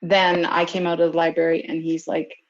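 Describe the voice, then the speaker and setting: Interviewee, female, lower register, lively first-person retelling, muffled lo-fi recording. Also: a little fast. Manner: lively retelling, acts out other people's lines. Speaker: interviewee recounting events. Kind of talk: casual storytelling interview. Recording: dull lo-fi recording.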